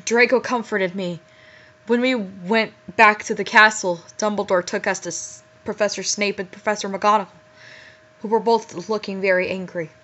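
A woman's voice: medium pitch, fairly even intonation, moderate pace, fairly bright tone. A woman reading bad fanfiction aloud and breaking off for incredulous, exasperated commentary. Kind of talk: dramatic reading with mocking commentary. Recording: muffled lo-fi recording.

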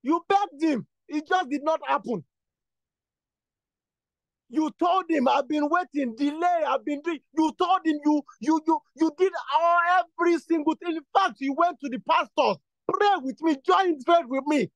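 A man with a very high voice leads a prayer meeting, pressing the same phrases again and again and rising into fervent bursts. His voice sounds dry and close, with no room echo. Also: normal speed, fairly bright tone, lo-fi sound. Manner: repetitive, insistent, builds to fervent bursts. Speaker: prayer leader. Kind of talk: exhortation and spoken prayer.

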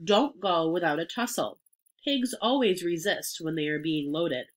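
A woman's voice: lowish voice, unhurried. A woman voicing a wise, bossy old sheep in a storybook reading, giving urgent orders. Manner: urgent, commanding.

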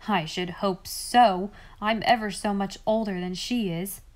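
A plump little boy in a storybook, greedy at heart and quick to take offence, as a woman reader puts him on. He speaks slowly and firmly when his pride is hurt. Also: medium pitch, steady tone, close to an everyday voice. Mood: indignant. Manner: indignant, sighing. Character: plump young boy, greedy but proud.

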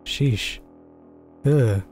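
A man's voice: mid-range voice, drawn-out words, a little mellow, soft background music. A young man commentating a game as a let's play, joking and swearing in mock horror as he reads the game's text aloud. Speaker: gaming YouTuber.

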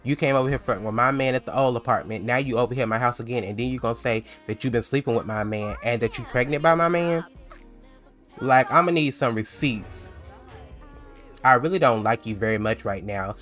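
Brief: sassy jealous young woman in a life-sim story, voiced by a man, confrontational, middle pitch, light music under it. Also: fairly quick, fairly bright tone, lightly acted.

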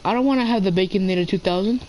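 Racing along in a high-pitched, dark-toned voice, a teenage gamer chats casually and playfully talks to the game's animals. The low-quality recording has slight background noise.

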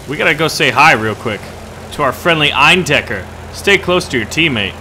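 Gaming host, male, bright voice, light and joking, commenting over flight gameplay. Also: on the high side, lively intonation, moderate pace, slight background noise. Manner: upbeat and joking.

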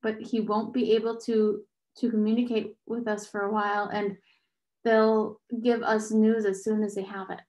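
A woman's voice: little pitch movement, normal speed, a little mellow, lightly acted. A woman voicing an anxious, tearful teenage girl, strained and pleading in a raised voice. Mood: distressed. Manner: strained and pleading, lifting high.

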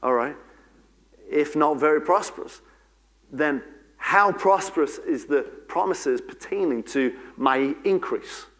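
A man's voice: on the high side, lively intonation, unhurried, a bit bright. A man preaching a church sermon as pastor, repeating key phrases and breaking into fervent prayer and declarations. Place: church service.

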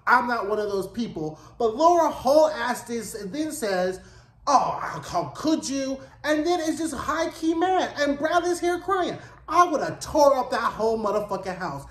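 Cussing, animated man reviewing a show. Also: extremely high pitch, reverberant. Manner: profane, animated, opinionated. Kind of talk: casual recap rant.

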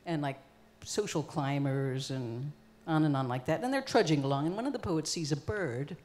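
A woman's voice: low-pitched, lively intonation, moderate pace, darkish tone. A woman in her sixties, a performance artist, telling an old story live on stage in a casual, conversational way with lots of "you know" and "like.". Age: 60s. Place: concert hall stage. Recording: long concert-hall reverb.

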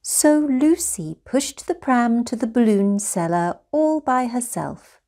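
Slow gentle woman reading a picture book. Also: a little high, animated. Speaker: storyteller.

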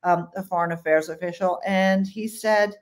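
Woman pundit, lowish voice, blunt and emphatic, plain-spoken interview guest. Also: fairly even intonation, normal speed. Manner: blunt and emphatic, with colloquial put-downs. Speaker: foreign policy commentator, guest. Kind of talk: conversational interview answers.

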